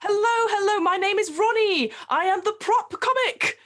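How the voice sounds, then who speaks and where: Ronnie, a woman doing a high chirpy clown. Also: moderate pace, fairly bright tone. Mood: eager. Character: eager excitable prop comic clown.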